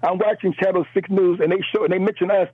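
Male call-in caller, fired up, repeats himself; husky, high-pitched, thin phone sound. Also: steady tone, fast talker, no room sound. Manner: emphatic, repeats words, rambling. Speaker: radio show caller. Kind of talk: impassioned call-in commentary. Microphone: telephone. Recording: tinny phone line.

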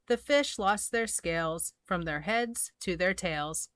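A woman reading a children's storybook aloud in a gentle, expressive way, recorded close and dry. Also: fairly low pitch, slow pace, no room sound. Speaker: storybook reader.

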